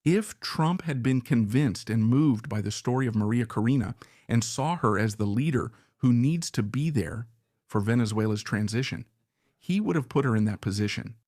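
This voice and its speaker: A man's voice: medium pitch, animated, normal speed, a little mellow, no room sound, studio quality. A man giving opinionated current-affairs commentary, repeating his points with emphasis and pressing rhetorical questions. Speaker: political commentator.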